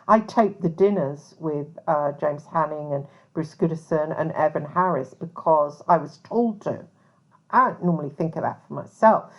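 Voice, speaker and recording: Woman rambling on to camera, lowish voice, muffled sound. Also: normal speed. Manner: rambling, many fillers and asides. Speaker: private investigator. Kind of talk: casual monologue to camera.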